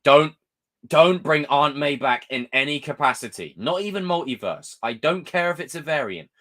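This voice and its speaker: Sweary, animated man ranting. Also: on the high side, moderate pace. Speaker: live-stream host. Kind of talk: casual live-stream rant.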